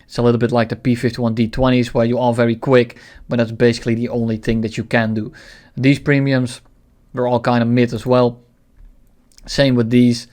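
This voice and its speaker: A man at an ordinary middle pitch gives casual, opinionated game commentary. He talks bluntly, swears freely and slips into rants about what he dislikes. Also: flat delivery, normal speed, darkish tone. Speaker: gaming video creator.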